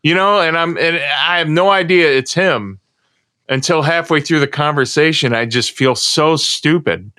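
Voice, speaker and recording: Man from the US, middle-aged, rambling storyteller, smooth resonant voice, dry close sound. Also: a little high, moderate pace, sharp tone, dry recording. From United States. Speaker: podcast co-host. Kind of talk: casual chat.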